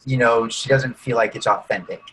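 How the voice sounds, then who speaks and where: A man working as a coach, calmly guiding listeners through a visualization exercise in an interview and often checking in with "okay?" and "right?". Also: medium pitch, fairly quick, slightly rough, rough recording. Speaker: guest coach using neurolinguistic programming. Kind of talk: guided visualization during an interview.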